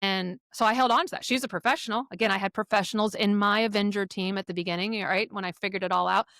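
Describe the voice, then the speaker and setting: A middle-aged woman speaking as a podcast guest, telling her own parenting stories candidly, with blunt language and lively acted-out quotes. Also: medium pitch, fast talker, no echo, clean studio sound. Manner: frank, profane, animated retelling of quotes. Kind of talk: candid conversational storytelling.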